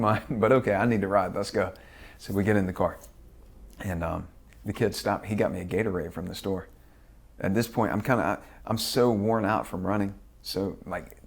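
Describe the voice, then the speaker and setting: Interview guest, male, low and gravelly voice, profane and lively storyteller who acts out the quotes.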